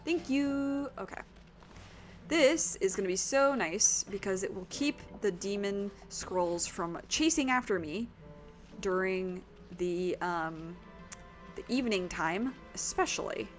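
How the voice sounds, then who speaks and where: A woman with a rough, worn throat, chatting casually with her viewers while streaming a video game, rambling and swearing now and then. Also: mid-range voice, expressive, slow pace, faint music behind.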